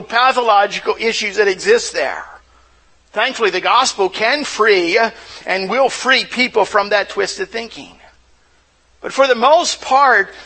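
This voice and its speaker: A pastor with a very high, pushed and bright voice delivers a church sermon on a low-quality recording. Throughout, he asks the congregation rhetorical questions, often repeating words as he starts over.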